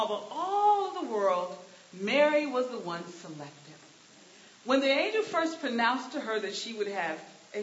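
Expressive woman preaching in an echoey room. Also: on the high side. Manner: expressive, swings from hushed to emphatic. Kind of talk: sermon. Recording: echoey, dull sound with faint hiss.

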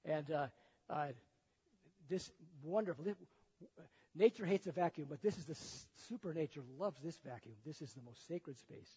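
A man's voice: a little high, moderate pace, dark tone, husky. An older man preaching a sermon and retelling a Bible story in a folksy, conversational way, often chuckling at his own remarks. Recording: echoey hall, dull lo-fi sound.

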